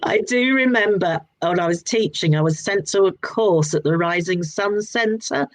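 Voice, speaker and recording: A woman in her sixties with a southern English accent, chatting as a guest author in a relaxed interview, rambling and restarting her sentences often. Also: mid-range voice, moderate pace. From southern England. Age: 60s. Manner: rambling, frequent restarts and repeated words. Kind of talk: casual interview chat.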